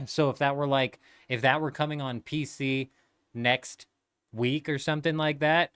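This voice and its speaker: A man's voice: on the high side, a little slow, vocal fry, fairly bright tone, clear, resonant tone, no echo, clean studio sound. A man in his thirties chatting casually on a gaming livestream, laid-back and rambling, swearing freely.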